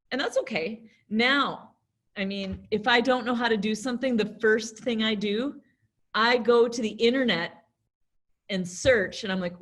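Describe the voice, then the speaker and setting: A middle-aged American woman teaching a class in a lively, chatty way, acting out little scenes as she explains. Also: mid-range voice. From United States. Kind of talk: classroom lesson talk.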